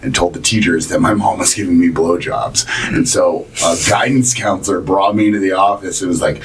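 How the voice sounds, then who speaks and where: A man hosting a podcast, relaxed and rambling, swearing casually as he tells his story. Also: low voice, a little fast, distant mic, a little hiss or hum, rough recording. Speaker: podcast host.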